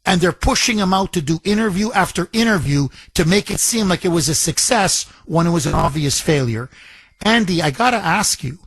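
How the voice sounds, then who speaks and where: A man's voice: sits high, lively intonation, brisk, fairly bright tone, breathy edge, dry recording. A man hosting call-in talk radio, talking in an impassioned way and repeating himself when worked up. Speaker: radio talk show host.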